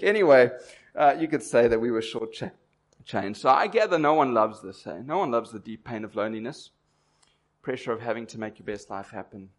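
Brief: male preacher, medium pitch, casual storytelling sermon, asks the room questions. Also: a little fast. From Durban, South Africa. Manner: conversational storytelling with rhetorical questions.

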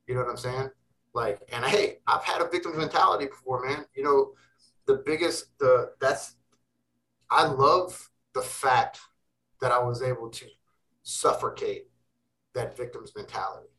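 Intense, profane man, bright and distant. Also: medium pitch, measured pace. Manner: intense, emphatic, swears freely. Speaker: interview guest. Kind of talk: casual interview talk.

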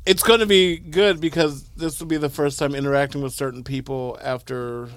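A man joins a loose conversation with friends and drops quick jokes into it. His voice is bright and forceful and sits a little high. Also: fairly even intonation, no room sound. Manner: joking, quick quips. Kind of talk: casual chat.

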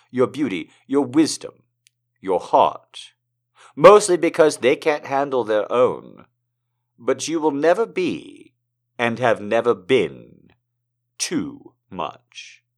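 A man reading poems aloud and joking between them, moving from slow dramatic recitation to fast, excited, profane banter. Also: mid-range voice. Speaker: poetry reader. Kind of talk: casual poetry reading with commentary.

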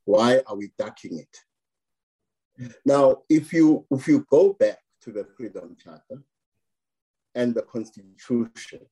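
Man, slow deliberate delivery, mellow dark tone, emphatic rhetorical repetition. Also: medium pitch, slightly rough, low-quality recording. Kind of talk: deliberate interview argument.

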